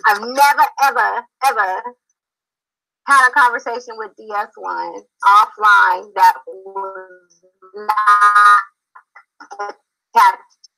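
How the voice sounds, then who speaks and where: A woman's voice: mid-range voice, animated, takes it slowly, creaky, pauses often, sharp tone, faint music behind, rough recording. A woman from Philadelphia on a live-stream call, confrontational, emphatic and repeating herself. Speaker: panel guest.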